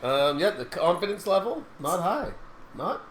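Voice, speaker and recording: A man's voice: sits high, very animated, unhurried, fairly bright tone. A man who is a guest on a podcast, talking casually in a dry, self-deprecating way. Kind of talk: casual chat. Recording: echoey room, faint noise.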